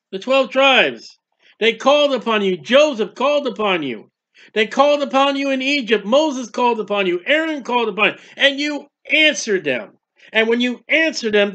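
A man preaches with a high, bright voice, stacking rhetorical questions and repeating lines as he goes. The recording is muffled and lo-fi. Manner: fervent, repetitive preaching with rhetorical questions and acted-out prayers. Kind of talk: sermon.

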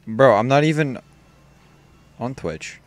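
A young man hosting a casual gaming session, joking and trash-talking friends and breaking into loud shouts. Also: medium pitch, expressive, slow, faint music behind. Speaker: gaming YouTuber.

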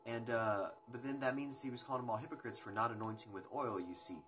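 A man's voice: mid-range voice, fast, a bit bright, slight background noise. A young man hosting a casual livestream, chatting loosely with viewers and rambling between topics with the odd swear word. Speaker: livestream host. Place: indoors at home. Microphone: phone livestream. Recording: music playing in the background.

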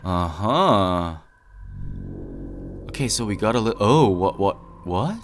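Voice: deep voice, expressive, takes it slowly, a little hiss or hum. A let's play gamer giving casual gameplay commentary, easily spooked and full of nervous exclamations.

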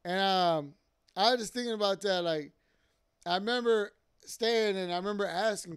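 Giving his testimony at church, a young man speaks at a normal speed in a high, smooth, clear voice with a fairly bright tone. His telling is relaxed and meandering, dotted with fillers and asides.

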